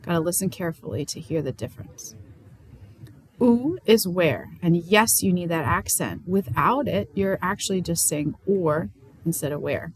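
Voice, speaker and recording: A woman's voice: on the low side, lively intonation, moderate pace, husky, low-quality recording. A woman teaching French question words in an upbeat, playful way. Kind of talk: lesson.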